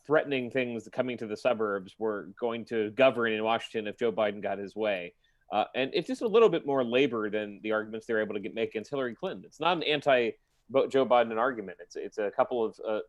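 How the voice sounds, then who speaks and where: A man offers political analysis on a live news panel, thinking aloud and stumbling through restarts. His voice is medium-pitched and sounds dry and close, with no room around it. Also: no echo. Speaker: political reporter.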